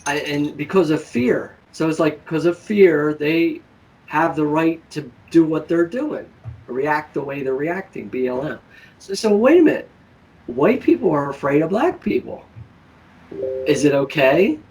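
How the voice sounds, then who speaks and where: A man hosting a casual political chat, telling stories in a lively way and acting out the people he quotes. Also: on the high side, unhurried, recorded from a distance, low-quality recording. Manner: animated storytelling, acts out quoted people. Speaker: show host.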